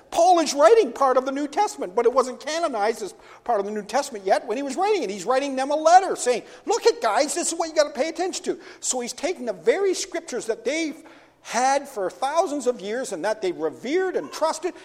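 A man preaching a sermon as pastor, asking rhetorical questions and answering them himself. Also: very high-pitched. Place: church sanctuary. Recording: long church hall reverb.

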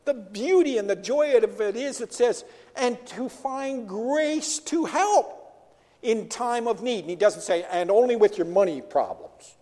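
A man preaches as pastor in a church sanctuary, answering his own rhetorical questions in a very high-pitched, animated, unhurried and mellow voice. Long church-hall reverb surrounds him.

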